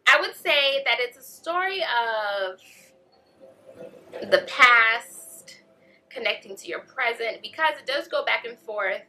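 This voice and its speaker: A woman's voice: medium pitch, pushed and bright, rough recording. A woman casually reviewing a novel for her vlog, chatty and gushing, full of fillers and "like". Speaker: book vlogger.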